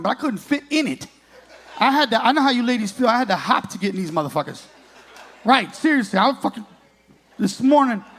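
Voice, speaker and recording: High-pitched guy in his late 30s doing stand-up, swears a ton, keeps poking at the crowd. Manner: crude, profane, working the crowd. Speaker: stand-up comedian. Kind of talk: stand-up comedy set. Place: comedy club stage.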